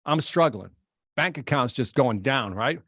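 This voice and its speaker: A middle-aged man from Chicago, a guest telling an animated story in an interview and acting out the exchanges he quotes. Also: medium pitch, unhurried, no room sound, clean studio sound. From Chicago, United States. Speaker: guest speaker.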